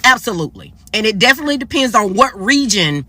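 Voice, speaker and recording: A woman's voice: fairly high pitch, quick pace, husky, no room sound. A woman from upstate South Carolina, giving emphatic, playful commentary to camera. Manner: animated, emphatic, playful slang.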